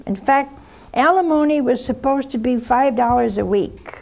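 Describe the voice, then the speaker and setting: A woman's voice: high-pitched, normal speed, vocal fry, a little mellow, slight background noise. An older woman, a nun hosting a call-in show, giving frank spiritual advice and telling stories from her own life in a folksy, direct way. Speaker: nun and host answering callers. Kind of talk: spiritual advice and personal storytelling.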